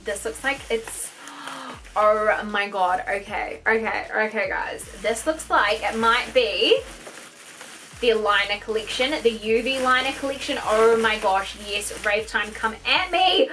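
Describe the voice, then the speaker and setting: A young woman gushing and gasping her way through an excited makeup unboxing vlog. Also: medium pitch, measured pace, slight background noise. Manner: gushing, gasping, exclaims constantly. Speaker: beauty vlogger.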